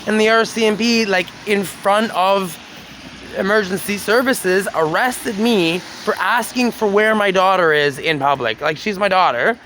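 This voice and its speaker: A man's voice: sits high, animated, normal speed, pushed and bright, slight background noise. Rambling, profane man outdoors. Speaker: man telling his story on the street. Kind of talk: rambling casual storytelling. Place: outdoors on a city street at night.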